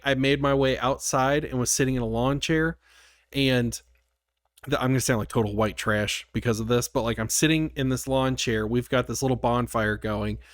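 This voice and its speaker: A man co-hosting a podcast, telling a story in casual chat with lively, profane energy. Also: mid-range voice, no room sound, studio quality. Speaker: podcast co-host.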